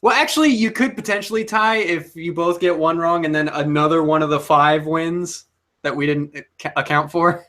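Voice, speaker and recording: A man's voice: on the high side, normal speed, pushed and bright. A man co-hosting a casual chat, joking and laughing often. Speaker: podcast co-host.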